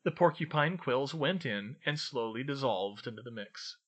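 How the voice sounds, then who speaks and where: A man reading fan fiction aloud in steady storytelling narration. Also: medium pitch, normal speed, lo-fi sound. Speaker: audiobook reader.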